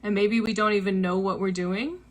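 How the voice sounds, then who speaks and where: A woman's voice: medium pitch, fairly even intonation, a little fast. A young woman hosting a book club show, casually telling a personal story with lots of likes and ums. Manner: chatty, full of likes and ums, acts out quoted lines.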